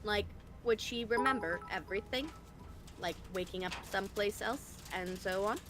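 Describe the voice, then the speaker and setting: A woman performs a lively female brain in a jar with a faintly mechanical voice at an ordinary mid-range pitch. She sounds upbeat, a little flirty and full of energy. The whole thing comes through an online voice call. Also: normal speed, music in the background, lightly acted. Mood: chipper. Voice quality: slightly robotic voice. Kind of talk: fan voicing of game dialogue. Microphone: voice call over the internet.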